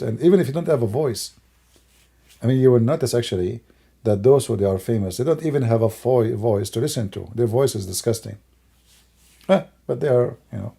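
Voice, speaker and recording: A man whose first language is Arabic, hoarse from losing his voice, musing and rambling in broken English on a livestream. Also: mid-range voice, dark tone. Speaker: livestream host. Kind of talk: casual livestream talk.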